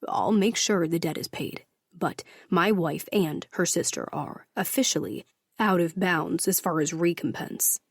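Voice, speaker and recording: A woman's voice: lowish voice, measured pace, creaky, husky, dry recording, studio quality, heavily acted. A woman voicing a cold, commanding male mafia boss who speaks in clipped, controlled lines.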